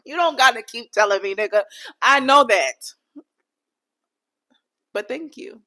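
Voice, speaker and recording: A woman's voice: fairly high pitch, animated, unhurried, long pauses, bright, forceful tone. A young adult woman hosting her own podcast, chatting alone in a candid, playful, profane way that rambles from point to point. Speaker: podcast host. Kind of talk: casual solo podcast chat.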